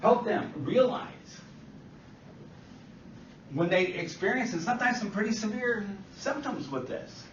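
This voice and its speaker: A man's voice: sits high, lively intonation, unhurried, pauses often, fairly bright tone, slight background noise. A man teaching a class, lecturing emphatically, repeating points and asking the students questions. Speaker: instructor. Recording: distant, echoey, dull classroom recording.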